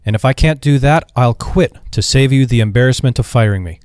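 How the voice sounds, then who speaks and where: A man's voice: medium pitch, fairly quick, a little mellow, no echo, studio quality, lightly acted. A man reading aloud and voicing a cheerful, earnest young army veteran looking for work. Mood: eager.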